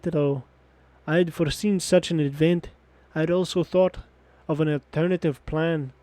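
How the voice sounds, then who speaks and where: A man's voice: on the high side, mellow, dry recording, natural voice. A man voicing a clever, scheming male village chief in a game, in a theatrical put-on Scottish accent that drifts.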